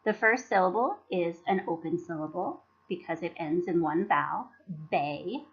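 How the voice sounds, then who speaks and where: This teacher's professional development voice-over for slides is scripted, with words and syllables carefully sounded out. Her voice is on the low side and expressive, at normal speed, and the recording sounds dull and lo-fi.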